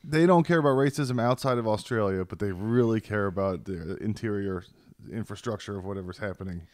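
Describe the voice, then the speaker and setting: A male podcast co-host with a somewhat low voice, dropping quick deadpan one-liners into casual chat. The recording is dry and close, with no room echo.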